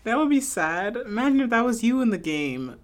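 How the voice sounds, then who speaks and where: A woman's voice: a little high, very animated, brisk. A woman co-hosting a casual chat, laid-back and laughing often. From United States.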